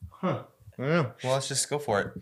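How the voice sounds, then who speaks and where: A man co-hosting a casual podcast interview, relaxed and teasing in tone. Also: mid-range voice, normal speed. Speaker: podcast co-host.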